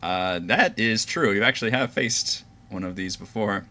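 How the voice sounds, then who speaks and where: Male game master, low-set but bright, forceful voice, unhurried descriptive narration. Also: a little hiss or hum. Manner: slow, deliberate descriptive narration.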